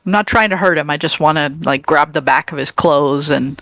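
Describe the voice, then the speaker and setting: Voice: medium pitch, a little fast, bright, forceful tone, no room sound. A player in a tabletop game eagerly describing their moves, laughing often. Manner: eager, laughing, explaining actions. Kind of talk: casual tabletop game chat.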